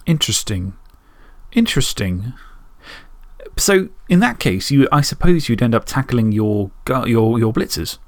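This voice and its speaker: A man co-hosting a tabletop game podcast, chatting casually, animated and thinking aloud, with some swearing. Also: medium pitch, moderate pace, hardly any pauses, dry recording. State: hiccuping. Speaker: podcast co-host. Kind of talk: casual chat.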